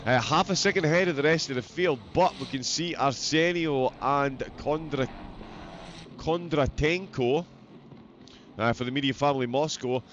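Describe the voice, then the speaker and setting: A man's voice: on the high side, normal speed, fairly bright tone, dull audio, a little hiss or hum. A man with a Scottish accent giving live commentary on a sim race, chatty and joking as he reads out viewer messages. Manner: chatty, jokey, reads out chat.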